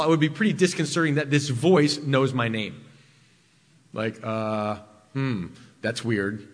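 A man preaching in a large church sanctuary, his slightly high voice trailing off into a long hall reverb. He tells stories from the pulpit, building to loud, emphatic peaks and then dropping to soft, intimate asides. It sounds like a live sermon. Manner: storytelling preacher, swings between loud emphasis and quiet intimacy. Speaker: pastor.

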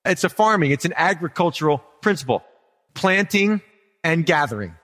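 Man pastor, slightly high voice, conversational and funny, long church-hall reverb. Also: big pitch swings, normal speed, a bit bright. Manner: conversational and humorous, asks the congregation questions. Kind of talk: sermon.

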